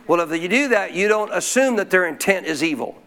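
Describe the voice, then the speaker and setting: A man preaching a sermon, throwing frequent questions to the congregation and slowing down to stress key phrases. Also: sits high, lively intonation, fairly bright tone. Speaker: pastor.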